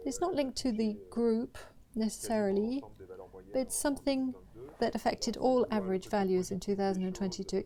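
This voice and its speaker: A woman's voice: mid-range voice, warm tone. A woman presenting annual financial results to investors, talking in a hesitant way with many fillers and restarts.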